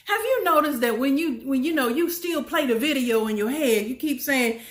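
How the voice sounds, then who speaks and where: A woman's voice: high-pitched, expressive, moderate pace. A woman giving a motivational talk to her audience, emphatic and folksy, repeating her points and asking listeners questions. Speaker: motivational speaker. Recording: roomy echo.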